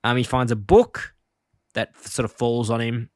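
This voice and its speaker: A man's voice: medium pitch, normal speed, a little mellow, dry recording. A man co-hosting a podcast in casual chat, retelling episode plots in a rambling way with many fillers. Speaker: podcast co-host.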